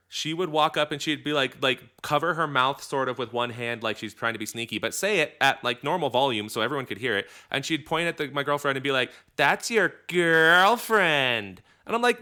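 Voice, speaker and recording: A man's voice: mid-range voice, sharp tone, smooth. A man co-hosting a casual podcast chat, rambling and correcting himself as he goes, laughing often. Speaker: podcast co-host.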